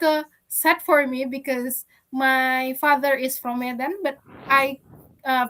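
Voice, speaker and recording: A young woman from Indonesia telling a personal story in a class discussion, speaking haltingly with frequent restarts. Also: sits high, fairly bright tone. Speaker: student.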